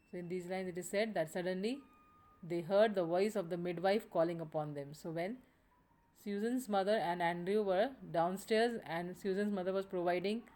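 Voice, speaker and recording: A woman's voice: fairly low pitch, a little mellow. A woman teacher reading a story aloud and explaining it line by line, with frequent restarts and self-corrections.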